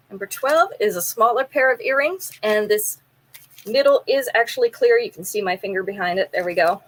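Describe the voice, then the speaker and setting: A woman's voice: on the high side, low-quality recording. A woman hosting a live jewelry sale, chatting casually, describing pieces in detail and running a trivia game with viewers.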